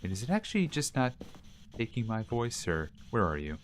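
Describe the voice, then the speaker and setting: Low-voiced guy streaming a ghost game, bouncy delivery, chats to his viewers, faint hum of game ambience behind him. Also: sing-song, fairly quick. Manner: chatty, talks to himself and chat, asks the ghost questions. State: mild allergies. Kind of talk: casual game commentary.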